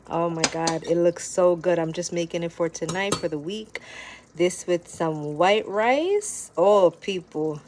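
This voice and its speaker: A woman's voice: lowish voice, background noise. A woman from Jamaica with a Jamaican accent, chatting casually to viewers in a home cooking vlog. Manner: chatty, addresses viewers as "people". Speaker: vlogger. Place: home kitchen.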